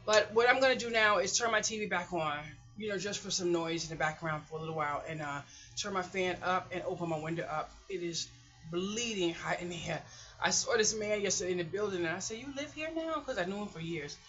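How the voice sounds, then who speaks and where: Middle-aged woman, rambling home vlogger, bright forceful voice, dull lo-fi home recording. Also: on the low side, a little fast. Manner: rambling and chatty, animated storytelling with laughs. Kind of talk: casual chat. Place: hot apartment room at home.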